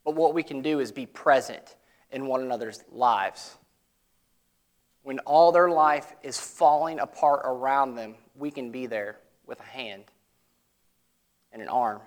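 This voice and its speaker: A male pastor, preaching a sermon in a conversational way that swings from loud emphatic lines to soft, low asides. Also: measured pace, long pauses.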